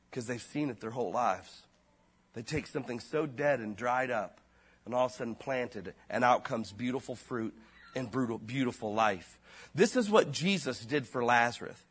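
A pastor preaching a sermon in a casual, slangy way, his voice dropping low and then rising loud. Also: slightly rough.

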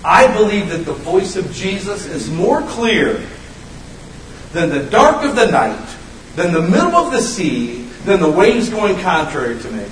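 A man in his fifties preaching a sermon as pastor, folksy and animated, with sudden shouted bursts. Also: sits high, unhurried, slight background noise. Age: 50s. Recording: echoey room, voice from a distance.

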